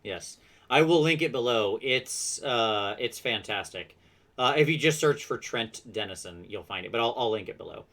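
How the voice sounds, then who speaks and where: Man, podcast host, casual chat, bright tone, mid pitch. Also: animated. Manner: chatty, quick asides, self-deprecating laughs.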